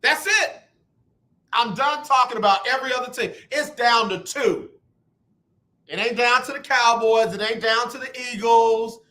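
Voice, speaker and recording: A man hosting a sports talk radio show, teasing callers and trash-talking loudly. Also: extremely high pitch, moderate pace.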